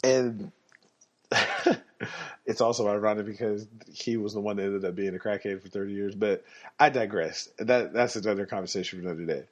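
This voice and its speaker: A man hosting a podcast, telling personal stories in a casual, animated way and chuckling as he goes. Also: moderate pace. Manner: animated, chuckling, jumps up in pitch when quoting people. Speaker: podcast host. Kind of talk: casual storytelling monologue. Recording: slightly muffled lo-fi podcast audio.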